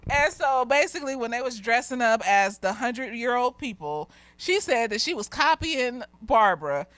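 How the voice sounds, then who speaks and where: Lively, frank woman chatting a TV review. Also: a little high, moderate pace, no room sound. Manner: candid, profane and chatty, laughs often. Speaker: therapist reviewing a TV episode. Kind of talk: casual tipsy review chat.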